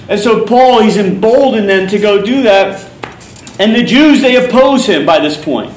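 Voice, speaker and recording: A man's voice: sits high, moderate pace, slight background noise. A male pastor with a Philadelphia accent, preaching a conversational sermon and paraphrasing scripture with frequent repetitions. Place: church hall. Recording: echoey hall from far off.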